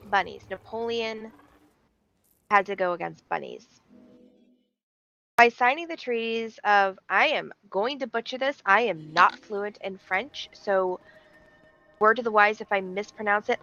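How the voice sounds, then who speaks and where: A woman's voice: medium pitch, vocal fry, lo-fi sound. Theatrical woman telling a story on stream. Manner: animated, theatrical, laughing often. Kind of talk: playful live-stream storytelling.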